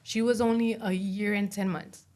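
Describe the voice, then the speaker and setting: A woman being interviewed, telling a personal story in a halting way, full of fillers like "you know" and "like.". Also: medium pitch, steady tone, a little mellow. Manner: acts out other people's words while telling her story. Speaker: interview guest.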